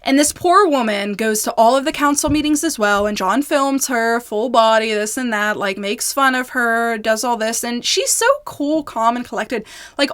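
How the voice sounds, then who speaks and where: A young woman on a casual vlog, telling a long story in a rambling, exasperated, animated way. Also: a little high. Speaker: YouTuber.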